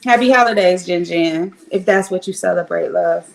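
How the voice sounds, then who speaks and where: With a lowish, creaky voice at a moderate pace, a woman streams from her Cleveland home and chats frankly with her live audience. She rambles and swears from time to time, and her home streaming setup yields poor audio.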